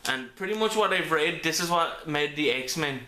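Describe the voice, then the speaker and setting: A man talks through a comic book review in a casual, rambling way, stopping often to restart his sentences. His voice is bright and forward. It is picked up on a camera mic in an echoey room at home. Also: on the high side, expressive, moderate pace. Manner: rambling with many ums and restarts.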